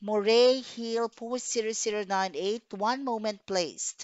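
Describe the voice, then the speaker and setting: A woman's voice: on the high side, a little slow, dry recording, close to an everyday voice. A woman teacher reading the lines of a polite telephone operator from a radio play script. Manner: read aloud from a script. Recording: dull dry recording.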